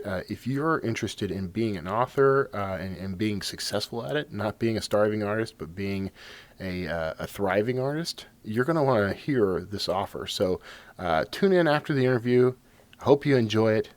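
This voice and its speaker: A man hosting a podcast with a raspy voice, talking casually with lots of fillers and jokes at his own expense. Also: lowish voice, lively intonation, moderate pace, no echo. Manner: rambling, filler-heavy, self-joking. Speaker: podcast host. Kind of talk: casual podcast intro and chat.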